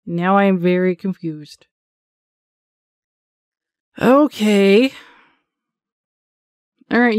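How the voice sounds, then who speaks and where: A woman's voice: mid-range voice, dry recording, clean studio sound. A woman giving live commentary on a horror game she is playing, chatty and self-mocking, with jumpy exclamations and a running stream of thoughts. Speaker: gaming channel host.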